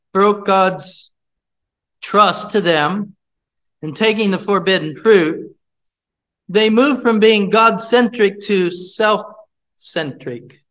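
A man's voice: sits high, a bit bright, poor audio. A man leading a Bible study, teaching from scripture, repeating his points and putting questions to the group.

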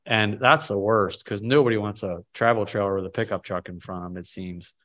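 A man's voice: lowish voice, a little fast, fairly bright tone. A man leading a casual Bible study, talking in a rambling, self-deprecating way and asking the group questions.

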